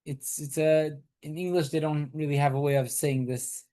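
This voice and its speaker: A man's voice: on the high side, flat delivery, moderate pace, mellow. Man rabbi teaching a weekly class. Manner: explanatory, repeats key points, asks rhetorical questions; talks with the class, questions students. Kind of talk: Torah class lecture.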